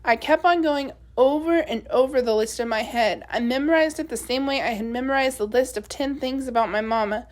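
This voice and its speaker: A woman teacher reading a children's novel aloud in a steady, expressive storytelling voice. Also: sits high, brisk, few pauses.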